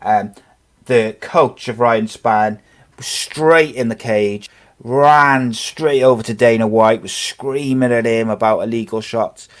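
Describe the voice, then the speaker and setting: A podcast host with a medium-pitched voice talks slowly on a casual sports podcast. He rambles, filling the gaps with fillers and frequent restarts.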